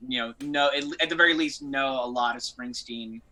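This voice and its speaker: A man's voice: medium pitch, normal speed, sharp tone. A young man from New Jersey, a band member chatting in an interview, rambling and wry, often restarting his sentences. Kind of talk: casual interview chat.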